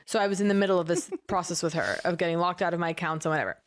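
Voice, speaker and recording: A woman co-hosting a casual comedy podcast, telling a story with lively quoted voices. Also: racing. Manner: animated storyteller, acts out quoted voices with big pitch jumps. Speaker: podcast co-host.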